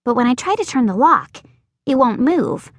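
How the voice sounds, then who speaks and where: Lively woman reading a children's story. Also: sits high, normal speed, no echo, clean studio sound. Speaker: audiobook narrator. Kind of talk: scripted children's narration.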